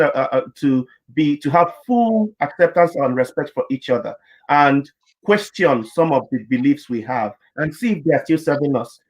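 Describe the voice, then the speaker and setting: A man with a somewhat high voice talks through his point on a discussion panel, earnest and deliberate, circling back over words as he goes. The sound is muffled and lo-fi. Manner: earnest, explanatory, repeats words as he builds a point. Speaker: panelist and therapist.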